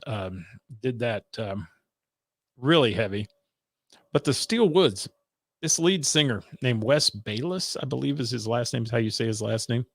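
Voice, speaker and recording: A man's voice: mid-range voice, a bit bright, no echo, studio quality. A man hosting a music radio show, chatting casually and rambling with lots of fillers while he thanks viewers for their comments. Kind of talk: casual live-stream chat, reading viewer comments.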